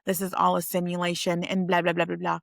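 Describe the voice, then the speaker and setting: Casting: young woman, vlogger, chatty and animated storytelling, gravelly edge, dry close sound. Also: fairly low pitch, fast, no echo. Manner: chatty, animated, addresses viewers as you guys. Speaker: vlogger telling a personal story. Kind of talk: casual storytelling to camera.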